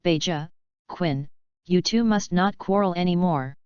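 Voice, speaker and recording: A woman's voice: fairly low pitch, measured pace, a little mellow, clear, resonant tone, no echo, close to an everyday voice. A woman voicing a cheerful, bossy young robot girl, with a scolding-then-chirpy delivery. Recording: dull lo-fi recording.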